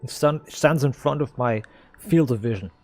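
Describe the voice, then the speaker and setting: A man's voice: mid-range voice, lively intonation, normal speed, darkish tone. A man streaming a game, ranting in exasperation, swearing a lot and stammering as he repeats himself. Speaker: gameplay streamer. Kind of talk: live gameplay commentary.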